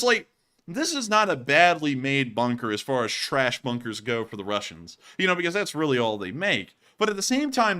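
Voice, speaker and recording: A man hosting casual commentary on war footage, joking and excitable and quick to laugh. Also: fairly high pitch. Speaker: host.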